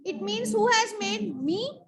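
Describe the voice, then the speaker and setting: A woman's voice: very high-pitched, expressive, slow pace, poor audio. A woman teacher giving a grammar lesson in a school classroom. She asks a question, answers it, and repeats it as a drill, calling on students by name.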